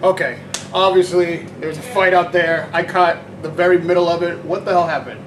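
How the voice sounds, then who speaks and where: A man's voice: high-pitched, steady tone, moderate pace, a bit bright, recorded from a distance, slight background noise. A man reporting on the scene, pressing his questions and repeating answers back. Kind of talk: fast on-the-scene interview.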